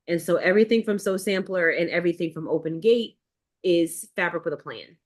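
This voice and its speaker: A woman's voice: fairly low pitch, fairly quick. A woman hosting a live sewing chat, talking casually and rambling with fillers and restarts. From United States East Coast. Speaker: livestream host.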